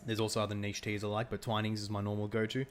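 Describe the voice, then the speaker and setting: A man's voice: on the low side, completely flat delivery, very fast. Chatty Australian man streaming a game. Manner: chatty, laughs often, reads chat aloud. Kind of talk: casual gameplay commentary with chat.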